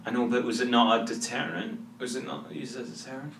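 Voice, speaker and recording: A man's voice: mid-range voice, steady tone, fast, fairly bright tone, far from the mic. A young Scottish man co-hosting a podcast, trading teasing, sweary banter. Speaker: podcast co-host. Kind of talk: casual chat. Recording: echoey room, faint hum.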